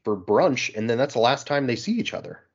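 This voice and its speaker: A man's voice: medium pitch, a little fast, husky, lo-fi sound. A man talking casually and at length about a film, acting out quotes in other voices. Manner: rambling, animated, acts out quotes in voices. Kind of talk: casual podcast discussion.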